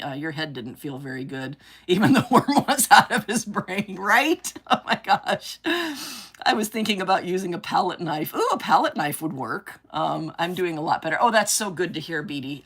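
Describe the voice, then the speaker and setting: A low-pitched woman hosts a live crafting stream in a loose, chatty way. She rambles from one thought to the next and bursts into gushing exclamations over her work. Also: a bit bright. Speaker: craft livestream host. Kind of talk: casual chat while crafting live.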